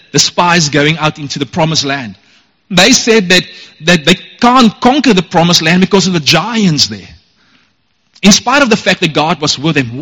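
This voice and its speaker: Male pastor, earnest emphatic sermon delivery, slightly high, echoey church hall. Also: a bit bright. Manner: earnest, emphatic preaching with repeated phrases.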